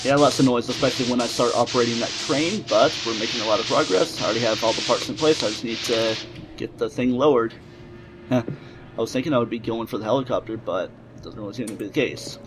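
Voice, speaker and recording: A man's voice: medium pitch, fast, loud music behind the voice, poor audio. A man giving let's-play commentary on a game he is playing, rambling and joking to himself as he goes. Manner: joking, rambling self-talk while playing.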